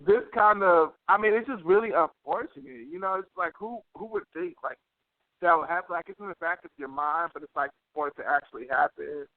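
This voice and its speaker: A man co-hosting a casual podcast, swearing freely and leaning on "like" as he tells an animated story. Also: on the high side, fairly quick, no echo. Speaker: podcast co-host. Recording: tinny phone-line sound, dry.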